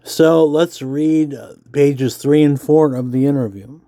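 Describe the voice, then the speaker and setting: Man, nerdy voice, mellow tone, easygoing read-aloud with fillers. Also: fairly high pitch, a little slow, no echo, studio quality. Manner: self-described nerdy voice, relaxed with fillers. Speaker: comics vlogger. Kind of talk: casual reading aloud while drawing.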